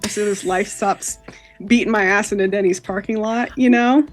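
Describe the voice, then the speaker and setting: A woman's voice: medium pitch, fairly even intonation, normal speed, soft background music. A woman tabletop game player introducing herself in casual chat, wry and joking.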